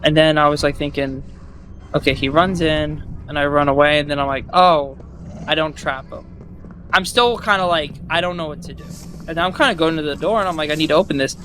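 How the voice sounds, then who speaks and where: A man casually recapping a game he played, rambling and swearing, acting out his own thoughts with loud outbursts, with loud music behind. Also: a little high, a little fast, slight background noise, poor audio. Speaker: gaming video host.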